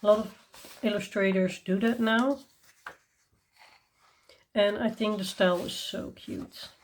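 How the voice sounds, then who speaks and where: A woman's voice: medium pitch, steady tone, takes it slowly, slight background noise. A woman hosting her coloring channel, presenting books in a chatty, enthusiastic way, with many ums and small laughs. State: tired and yawning. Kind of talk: casual show-and-tell review.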